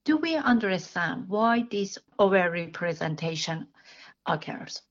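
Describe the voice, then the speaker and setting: A woman interviewing a guest for radio and asking measured questions. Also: on the low side, sing-song. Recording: dull lo-fi sound.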